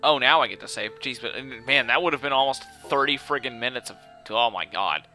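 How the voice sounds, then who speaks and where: A man's voice: mid-range voice, a little fast, pushed and bright, soft background music. A man hosting a video game let's play, chatting casually and laughing easily as he rambles.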